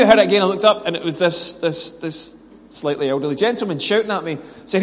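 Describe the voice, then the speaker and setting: A man's voice: high-pitched, a little fast, in a large hall. A British man preaching a sermon with prayer and personal stories, earnest and self-deprecating, acting out bits of dialogue. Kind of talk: sermon with scripture reading, prayer and personal story.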